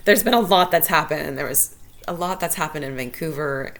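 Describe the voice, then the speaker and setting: Solo host, woman, deep voice, earnest and heartfelt, unscripted musing. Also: brisk, a bit bright. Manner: earnest, heartfelt, thinking aloud. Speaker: podcast host. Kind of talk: solo reflective monologue.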